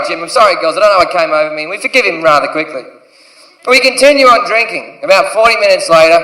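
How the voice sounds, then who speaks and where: A man's voice: high voice, pushed and bright. A man with an Australian accent telling a crude stand-up comedy story, acting out the people in it with shifting voices. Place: large theater stage. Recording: echoey venue recorded from a distance.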